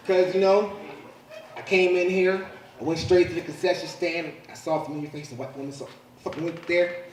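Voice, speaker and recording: On a comedy club stage, a forties-aged man with a high-sitting voice delivers a profane, punchy stand-up set over background noise. He is loud and keeps saying "you know what I'm saying," with the audience laughing in a roomy live recording taken from a distance.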